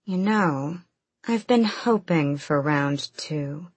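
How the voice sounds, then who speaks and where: A woman's voice: low-pitched, lively intonation, takes it slowly, husky, no room sound, exaggerated voice. A woman reading the lines of a bold, teasing young queen in a playful, confident manner, in an audiobook.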